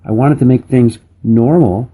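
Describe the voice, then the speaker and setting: Worried, emotional mother, read by a man, pleading tone, husky dark voice. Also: medium pitch, measured pace, pitched above the performer's own voice. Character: worried, loving mother, a grown woman.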